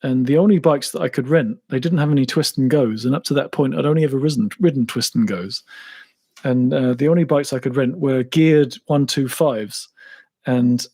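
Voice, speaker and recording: In a warm, medium-pitched voice at a moderate pace, a man in his thirties from Cambridge, England, with an accent to match, runs a live Q&A for his motorcycle YouTube channel, chatting casually and mocking himself.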